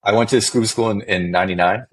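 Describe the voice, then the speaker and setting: Man, middle-aged, very low voice, rambling, casual storyteller, interview guest. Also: fast talker, a little hiss or hum, poor audio. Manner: rambling, with many restarts and some swearing. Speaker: guest, former special forces medic.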